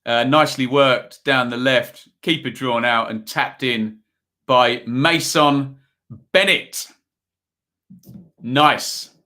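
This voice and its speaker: Bright-voiced chatty livestream host. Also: male voice, medium pitch, takes it slowly, pauses often. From Ipswich, England. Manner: chatty, rambling, reads chat aloud, many ums. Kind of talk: casual live football commentary and chat.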